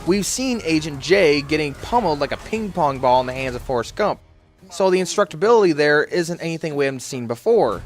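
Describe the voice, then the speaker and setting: A man's voice: a little high, expressive, a little fast, faint music behind. A man narrating a scripted film review in a wry, sarcastic way.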